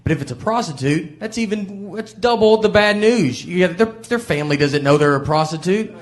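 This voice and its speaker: Southern man doing deadpan stand-up. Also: sits high, a little fast. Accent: Southern American. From Tennessee. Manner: deadpan, rambling storytelling. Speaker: stand-up comedian. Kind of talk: stand-up comedy routine. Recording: noisy live show audio. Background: audience laughter.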